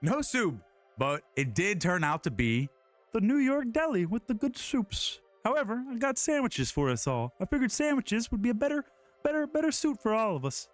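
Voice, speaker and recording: A man streaming live, telling a rambling, slang-filled story in a casual, animated way. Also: sits high, moderate pace, soft background music.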